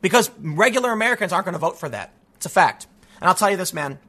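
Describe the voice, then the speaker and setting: Commentator: bright, high-pitched man with a lively, swooping delivery, sarcastic and a little congested. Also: quick pace. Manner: animated and sarcastic, with frequent mocking voices. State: stuffy from allergies. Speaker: political commentator. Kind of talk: casual opinion monologue.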